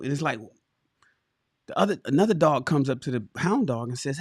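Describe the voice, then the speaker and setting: A man in his forties hosting a livestream, reading a book aloud and breaking off into animated, preachy storytelling riffs. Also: a little high, a little fast, slightly rough, dry recording, clean studio sound.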